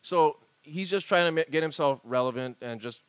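A man's voice: moderate pace, a bit bright, clear, resonant tone, no echo. A man from Hawaii, co-hosting casual studio banter and joking often. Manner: joking, laughs often, pitches up for imitations. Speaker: radio co-host.

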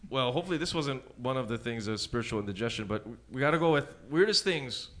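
A podcast host asking questions in a casual, upbeat way, reacting with quick exclamations. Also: male voice, mid-range voice, expressive, a bit bright. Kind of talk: casual interview chat.

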